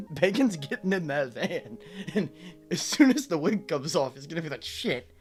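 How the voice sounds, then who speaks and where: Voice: medium pitch, sing-song, moderate pace, soft background music. A live streamer in casual chat, ranting and teasing with exasperation and swearing.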